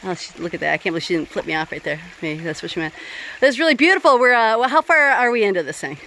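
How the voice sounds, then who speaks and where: Chatty upbeat woman vlogging outdoors on a trail, bright voice, lots of uhs. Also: medium pitch, animated, fast talker, a little hiss or hum. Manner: chatty, upbeat, many fillers. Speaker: vlog host. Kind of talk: casual hiking vlog. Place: outdoors on a wooded creek trail.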